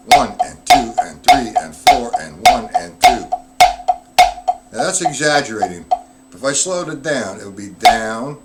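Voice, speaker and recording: A man teaching a live-streamed drum lesson, explaining strokes patiently and counting beats aloud. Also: medium pitch. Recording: loud background noise.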